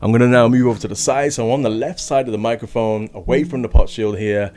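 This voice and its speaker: A young man reviews microphones at home, talking close into a large condenser studio mic in his home recording setup. His mid-range voice is steady and a little mellow, and his casual gear chatter is quick, enthusiastic and rambling.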